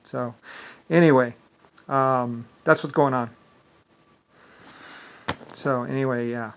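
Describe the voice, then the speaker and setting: A man's voice: medium pitch, fairly even intonation, slow, fairly bright tone, slight background noise. A man talking in a rambling monologue, repeating himself, stumbling over words and swearing indignantly. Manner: repetitive, stumbling, filler-heavy; profane and indignant. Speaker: vlogger.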